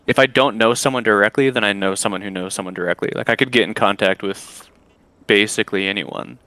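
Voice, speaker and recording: Podcast guest, a man with a low, dry voice who rambles easily. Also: steady tone, fast talker, bright, forceful tone, no room sound, rough recording. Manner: rambling, full of "like" and "I don't know". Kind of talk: casual chat on a live podcast.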